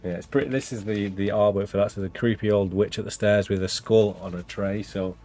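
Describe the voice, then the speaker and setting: A man's voice: on the low side, steady tone, fairly quick, a little mellow, soft background music. A man reading a fantasy gamebook aloud while playing along on a livestream, casual with chatty asides. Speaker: player and reader.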